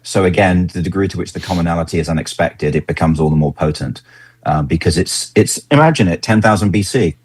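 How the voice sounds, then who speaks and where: A man with a very low, husky voice talks casually as a podcast guest. He gets animated when he acts out the things people say. The sound is close and dry. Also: quick pace, no room sound. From Britain. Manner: enthusiastic, animated when acting out quotes. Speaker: engagement consultant, podcast guest. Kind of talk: casual conversational interview.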